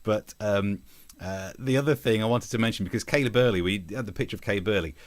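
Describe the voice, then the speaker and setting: A man's voice: fairly low pitch, brisk, dry recording. A man co-hosting a casual comedy news chat, joking, laughing and reading out viewer messages. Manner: jokey, laughs often, reads viewer messages. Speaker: co-host of comedy news show.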